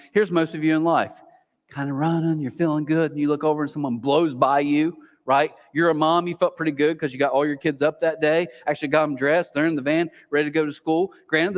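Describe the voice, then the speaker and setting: A man preaching a sermon as pastor, animated, sometimes acting out a whispering inner voice. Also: on the high side. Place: large church auditorium. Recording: long hall reverb.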